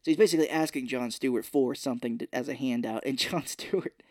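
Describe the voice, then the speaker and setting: A man talks casually on a movie podcast at an ordinary middle pitch. He retells film scenes by acting out the characters' lines. The room sound is dry and close. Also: fast talker, no echo. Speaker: podcast co-host.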